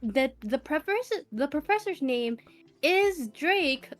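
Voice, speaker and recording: High, lively, bewildered woman guest. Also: no room sound, faint music behind. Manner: bewildered, quick interjections. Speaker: guest streamer. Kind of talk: casual chat. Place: home streaming setup.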